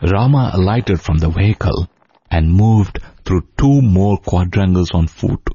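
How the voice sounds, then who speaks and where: A man narrating an epic tale in a measured, solemn, steady manner. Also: low-pitched, husky, no echo. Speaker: storyteller. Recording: dull lo-fi audio. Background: faint sitar music.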